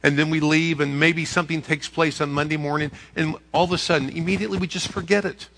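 A man's voice: fairly high pitch, steady tone, fast talker, vocal fry, a bit bright. A man preaching a sermon in an earnest, personal way with light joking. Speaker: pastor.

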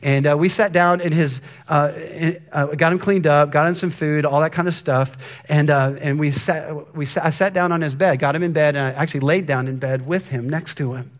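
A man's voice: on the high side, steady tone, moderate pace, hardly any pauses. A middle-aged man giving a sermon, telling a story about his son and at times dropping to a near whisper for emphasis. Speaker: pastor.

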